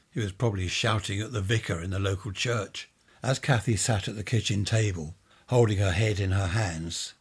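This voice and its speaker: A male storyteller reading a ghost story at a measured, steady pace. His voice is low and has a husky grain. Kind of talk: storybook narration.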